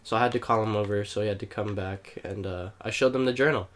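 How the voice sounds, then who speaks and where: A man's voice: fairly low pitch, fast. A young man telling a personal story on a casual podcast, rambling with many fillers and curse words. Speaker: podcast co-host. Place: home, playing a video game while recording.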